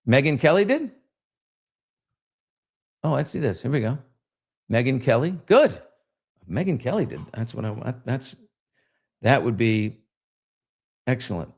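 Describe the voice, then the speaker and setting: Gravelly older man, chatty host. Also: medium pitch, big pitch swings, measured pace, long pauses. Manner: conversational, reads comments aloud, trails off and restarts. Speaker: podcast host. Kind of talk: casual commentary. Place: studio.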